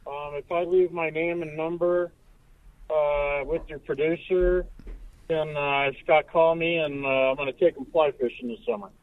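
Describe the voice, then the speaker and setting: A man calls in to a radio show over a tinny phone line, speaking haltingly and filling gaps. His voice sits on the higher side. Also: steady tone, no echo. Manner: halting, many fillers. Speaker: radio caller. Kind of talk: call-in chat.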